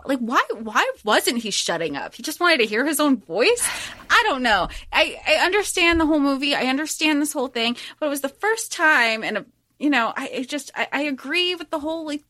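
A woman's voice: high-pitched, bright, forceful tone, no room sound, studio quality. A woman co-hosting a podcast, blunt and opinionated about a film, swearing casually. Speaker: podcast co-host. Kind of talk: casual film-discussion chat.

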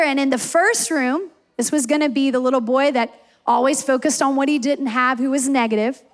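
A woman pastor preaching a sermon, telling personal stories and repeating key lines for emphasis. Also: sits high. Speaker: campus pastor.

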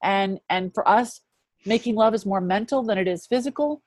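A woman in her fifties, appearing as an interview guest, shares a personal faith testimony in a mid-range voice at a moderate pace. The sound is dry with no room sound, and her manner is earnest and reflective, often softening to a hush.

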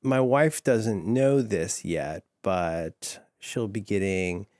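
A man's voice: on the low side, slow, darkish tone, no room sound, clean studio sound. A man hosting a casual podcast chat, playful and rambling, laughing often. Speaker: podcast host.

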